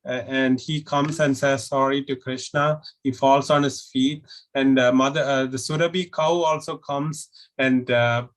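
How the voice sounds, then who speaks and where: A man teaching children over a video call, telling a story gently with many pauses and fillers. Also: medium pitch, fairly even intonation. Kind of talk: online class storytelling.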